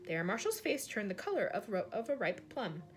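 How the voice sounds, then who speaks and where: A woman reading a children's novel aloud in an expressive storyteller manner. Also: mid-range voice. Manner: expressive, brisk narration.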